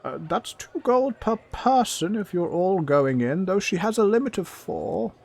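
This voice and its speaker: A woman's voice: medium pitch, lively intonation, a little slow, vocal fry, darkish tone, slightly rough, voice pushed up, exaggerated voice. A man voicing a grumpy female goblin receptionist in a tabletop game, curt and grumbling.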